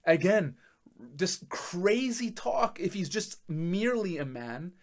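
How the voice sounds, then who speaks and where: A man's voice: sits high, very animated, slow pace. Emphatic man preaching a sermon. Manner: emphatic, laughs in disbelief, swings between loud and soft. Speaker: pastor. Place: church.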